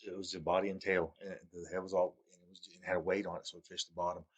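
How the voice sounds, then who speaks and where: Speaking quickly in a flat, slightly rough voice, he tells rambling fishing stories full of repeats and little laughs. He pitches his voice up to quote what others said.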